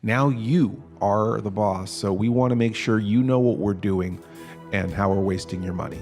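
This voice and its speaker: Low gravelly guy rambling thru his comedy podcast, pokes fun at himself, music faint behind. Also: moderate pace. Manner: rambling, self-mocking, with many fillers. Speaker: podcast host. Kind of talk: casual comedy podcast chat.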